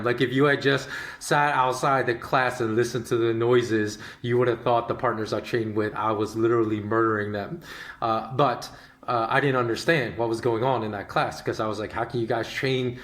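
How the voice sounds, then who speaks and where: A male podcast host telling stories in a casual, rambling, animated monologue with many fillers. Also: medium pitch, moderate pace, reverberant.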